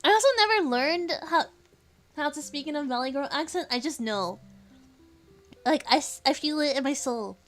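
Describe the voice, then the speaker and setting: A woman's voice: high-pitched, lively intonation, normal speed, soft background music. A woman with a Californian American accent, chatting casually on a live stream, reading chat aloud, giggling often and saying "like" a lot.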